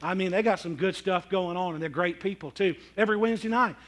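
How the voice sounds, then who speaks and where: A man preaching a sermon as pastor, folksy and animated, breaking into sudden shouts and joking asides to the congregation. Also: high voice, fast. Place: church sanctuary.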